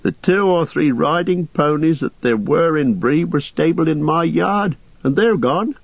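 A man voicing a fretful older male innkeeper who wails in a high, fussy voice, on a dull lo-fi recording. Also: animated, a little slow, gravelly, husky, dry recording, heavily acted. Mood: unhappy.

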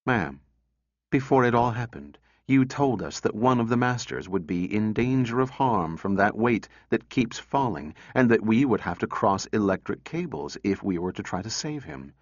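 A man reading a story, voicing a timid male robot that speaks in a low, hoarse, apologetic way. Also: expressive, normal speed, no room sound, muffled recording. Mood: pleading. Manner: hesitant, apologetic, deferential. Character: timid male robot, anxious and eager to please.

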